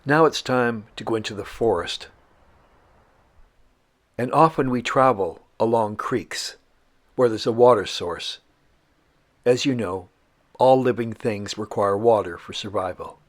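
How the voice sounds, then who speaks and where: A man hosting and narrating a documentary-style outdoor show in a measured, dramatic storyteller manner. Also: on the low side. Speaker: host.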